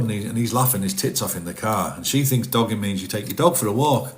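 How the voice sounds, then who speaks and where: A man's voice: fairly low pitch, quick pace, few pauses. A middle-aged man, chatting casually on a livestream and answering viewers' comments as he rambles. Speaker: livestream host reading chat. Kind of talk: casual live chat.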